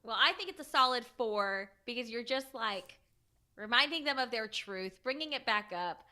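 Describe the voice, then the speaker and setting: A woman co-host in a casual podcast chat, her voice bright and ringing, with a higher pitch. She talks playfully and laughs a lot. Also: expressive, moderate pace.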